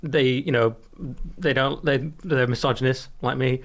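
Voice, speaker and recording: A man's voice: medium pitch, steady tone, measured pace, a bit bright. A man co-hosting a podcast, joking and sardonic in casual back-and-forth chat. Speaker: podcast co-host.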